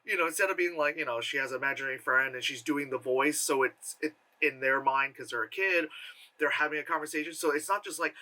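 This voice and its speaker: A man's voice: fairly high pitch, lively intonation, a little fast, sharp tone. A man giving a casual, rambling film review with sarcastic asides and lots of fillers. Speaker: movie reviewer.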